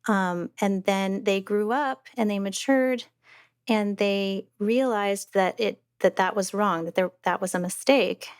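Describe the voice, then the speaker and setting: A woman, a mother and podcast guest, telling a personal story in a halting way, with many restarts and fillers. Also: medium pitch, clear, resonant tone, no echo, studio quality.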